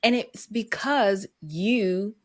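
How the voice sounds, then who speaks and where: A woman's voice: medium pitch, very slow. A woman hosting a podcast interview, chatting enthusiastically and speaking directly to listeners. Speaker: podcast host.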